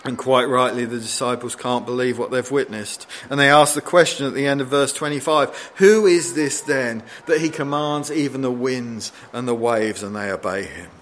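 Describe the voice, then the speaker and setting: A man preaching a sermon, reading scripture aloud and acting out pleading quotes with rising intensity, slowing down for emphasis. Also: medium pitch, a bit bright, slight background noise.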